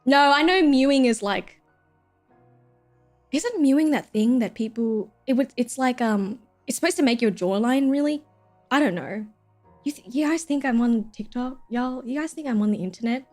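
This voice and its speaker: A woman's voice: high voice, animated, normal speed, a little mellow, soft background music. A young woman streamer chatting casually, rambling and giggling, swearing freely.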